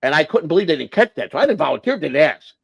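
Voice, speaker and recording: A man's voice: a little high, big pitch swings, fast, gravelly, husky, no echo. Man swearing through a rambling story. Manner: profane, rambling storyteller with frequent restarts. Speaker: livestream host. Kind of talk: casual storytelling on a livestream.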